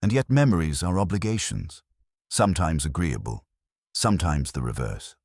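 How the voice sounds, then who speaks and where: A precise, fastidious foreign detective, played by a deep-voiced male narrator, speaking in courteous, measured, slightly formal phrases. The voice is very low and husky, with an expressive melody. It is recorded close and dry. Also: no room sound, exaggerated voice.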